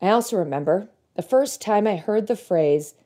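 A woman giving an earnest, reflective devotional talk, reading song lyrics slowly and thoughtfully. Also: mid-range voice, animated, dark tone. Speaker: Christian speaker.

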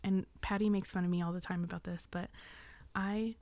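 A woman's voice: fairly low pitch, level tone, fairly quick, dark tone, no room sound. A young woman co-hosting a podcast in casual chat, telling an emotional story close to tears and swearing freely. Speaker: podcast co-host.

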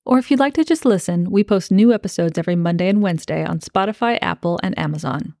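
Woman, slightly low voice, podcast co-host, casual chat, dry sound. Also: quick pace, darkish tone, no echo. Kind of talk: casual chat recapping a TV drama.

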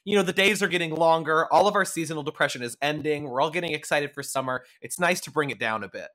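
A man's voice: on the high side, fast, a bit bright. Chatty, blunt podcast host man. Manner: chatty, blunt, swears casually. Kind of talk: casual chat.

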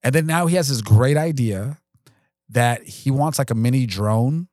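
A man's voice: mid-range voice, moderate pace, dry recording, studio quality. A man in his thirties, co-hosting a casual chat show, who tells stories with lots of fillers and jokes. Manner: relaxed storyteller with frequent fillers and jokes. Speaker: podcast co-host.

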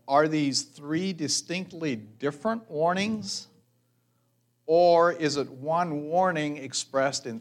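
A man preaching a measured, thoughtful sermon as a pastor, pausing for reflective asides. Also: medium pitch.

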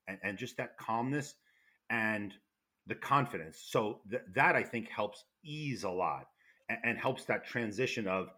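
A man with a New York accent, a retired fire investigator telling stories in a loud, animated way with many restarts. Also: fairly low pitch, moderate pace. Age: older. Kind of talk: casual interview.

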